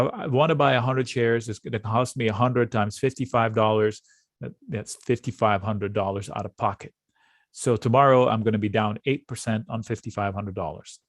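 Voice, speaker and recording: A man teaching options trading in a live session, lively and full of rhetorical questions and quick asides. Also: mid-range voice, no room sound, studio quality.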